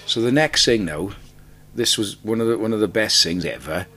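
A Welsh man, lead singer of a band, telling a lively anecdote as a podcast guest, laughing often and repeating himself. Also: on the low side, moderate pace. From Wales. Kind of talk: casual podcast chat, storytelling.

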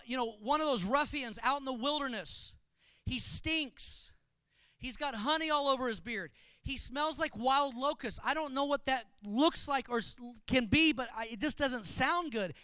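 A man preaching a sermon, telling humorous stories with animated delivery. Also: extremely high pitch, smooth, no room sound. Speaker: pastor.

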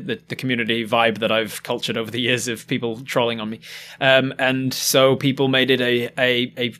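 Chatty man, animated and quick. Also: medium pitch. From Yorkshire, England. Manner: chatty and animated, quick asides, laughs at himself. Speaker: guest, professional game master and voice actor. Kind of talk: casual podcast chat.

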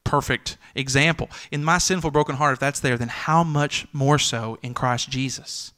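A man's voice: a little high, a bit bright. A man in his thirties, a senior pastor preaching a sermon, earnest and tender with conversational asides, building to urgent pleading.

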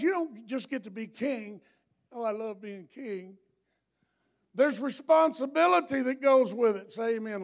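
A middle-aged man preaching a sermon, emphatic and repetitive, swinging from hushed lines to loud ones. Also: sits high. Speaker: pastor.

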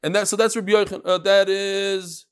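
A man leads a Talmud class, reading passages aloud and then breaking them down in quick explanations. His voice sits a bit high and rises and falls animatedly as he poses questions and answers them. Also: clear, resonant tone. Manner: animated, shifts between Aramaic reading and English explanation. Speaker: Talmud teacher.

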